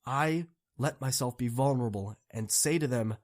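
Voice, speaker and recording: A young man hosting a podcast, giving an earnest, encouraging motivational talk to students that swings from soft to impassioned. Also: medium pitch, moderate pace. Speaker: podcast host.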